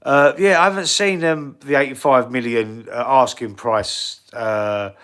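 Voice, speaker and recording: A man's voice: medium pitch, steady tone, a little slow, fairly bright tone, clean tone. A man with a Cockney accent hosting a casual football live stream, blunt and swearing freely as he answers the chat. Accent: London Cockney. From England.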